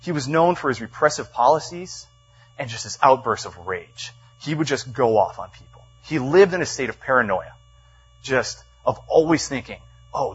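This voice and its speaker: A man delivering a storytelling sermon in a church meeting room, animated, with many fillers, acting out the quotes in his story. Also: mid-range voice, husky, dull audio.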